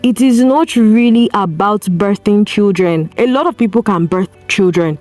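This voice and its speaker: A woman's voice: medium pitch, moderate pace, a little mellow, faint music behind. A woman with a Nigerian accent hosting an advice podcast, speaking earnestly and piling up rhetorical questions. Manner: earnest, preachy, asks strings of rhetorical questions. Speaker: podcast host. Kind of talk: solo advice talk.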